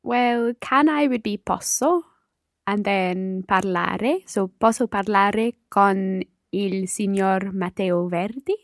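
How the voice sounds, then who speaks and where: A woman plays the learner in a podcast language lesson, reasoning her way to each answer aloud. Her voice is mid-pitched and recorded close and dry. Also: slow pace, no echo. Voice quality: tentative, guesses answers aloud.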